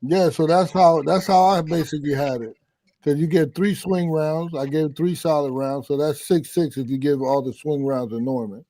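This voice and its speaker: In a dry recording of a casual livestream, a man who coaches boxing walks through how bouts get scored. His voice is a bit high and his pace moderate, and he's animated, using demonstrations.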